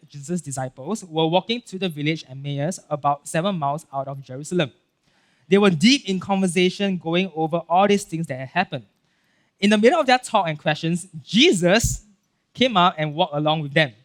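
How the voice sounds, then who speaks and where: Man, Singaporean English accent, high voice, animated casual sermon, lots of "right?" and "okay?". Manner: animated, acts out Bible scenes with voices; casual filler-heavy talk with frequent "right?" and "okay?". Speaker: pastor.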